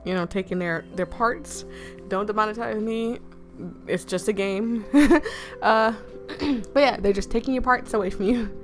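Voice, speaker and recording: A woman hosting a gaming video, chatting to her viewers and reading a dating game aloud, slightly hoarse, laughing and clearing her throat as she goes. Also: medium pitch, measured pace, over music.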